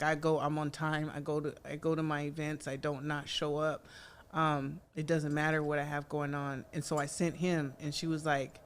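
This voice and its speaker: A woman in her forties chats as a guest in a podcast studio. She tells stories in a loose, lively way, with plenty of fillers. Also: low-pitched. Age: 40s. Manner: chatty, lively storytelling with frequent fillers and laughter. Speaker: guest artist. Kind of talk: casual interview chat.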